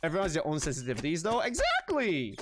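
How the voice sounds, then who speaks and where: A high-pitched man streams a game live, his voice leaping up and down as he chatters to his viewers. He talks excitably and swears without a second thought. A faint hiss of noise sits under his voice. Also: normal speed. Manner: animated, excitable, swears freely, talks to chat. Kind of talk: casual live-stream chatter while gaming.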